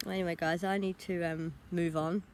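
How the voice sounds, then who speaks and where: A woman's voice: on the low side, steady tone. Tired young woman, rambling vlog chat to her phone on a walk, faint traffic behind. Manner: rambling, talks without pausing to think. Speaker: vlogger. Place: outdoors on a street, walking.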